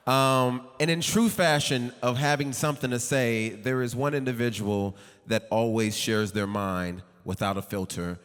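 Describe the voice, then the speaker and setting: A man's voice: mid-range voice, fairly bright tone, smooth, big-room sound. A man performing live on stage, joking with the crowd, leading call-and-response and rapping. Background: guitar and band music.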